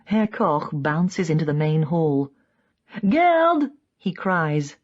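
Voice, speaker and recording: A woman narrates an audiobook from a script in first person, raising her pitch to voice quoted speakers. Her voice is steady, slow, and darkish in tone, and the recording sounds muffled.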